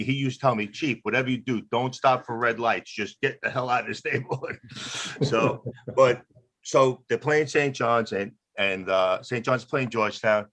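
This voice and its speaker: A man's voice: medium pitch, a bit bright. A man from Queens, New York, chatting about old games as a former mascot guest on a video call. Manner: chatty, laughs at his own stories. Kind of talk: casual storytelling on a video call.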